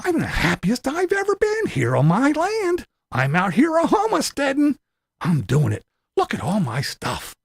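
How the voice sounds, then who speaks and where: A man's voice: extremely high pitch, wildly swooping pitch, normal speed, creaky, husky, no echo, studio quality, voice pushed up, exaggerated voice. A man putting on a mocking impression of a whiny, self-pitying male homesteader who talks to his camera in a sing-song voice.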